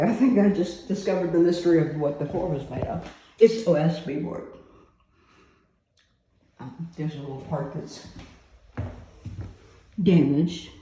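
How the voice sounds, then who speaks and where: A woman with a warm, relaxed tone gives a casual walkthrough of an empty house, recorded on a handheld phone. She talks in an easygoing way, trails off and fills gaps with "um" while she works things out. The bare rooms add a roomy echo, with a faint hiss underneath. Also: fairly low pitch. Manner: chatty and unsure, thinking aloud with many fillers. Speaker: real estate agent giving a property tour.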